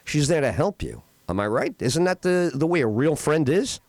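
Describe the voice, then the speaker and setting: A man's voice: on the high side, sing-song, moderate pace, a little mellow, no room sound. A middle-aged man hosting a talk radio show, telling rambling stories with lots of restarts while tearing up. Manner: emotional, rambling storytelling with restarts. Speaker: radio host. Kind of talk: casual talk radio monologue.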